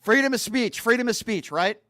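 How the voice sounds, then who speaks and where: A man with a notably high voice hosts a talk show and rants with scorn, mocking and hammering the same points again and again. His voice sounds dry and close, with no room echo. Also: normal speed, sharp tone. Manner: indignant, mocking, repetitive. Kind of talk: opinionated talk radio rant.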